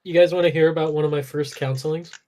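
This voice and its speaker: A man's voice: a little high, fairly even intonation, fast talker, crowd noise. A man who is a soldier, chatting casually and telling a story in a crude, laughing way. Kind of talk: casual chat.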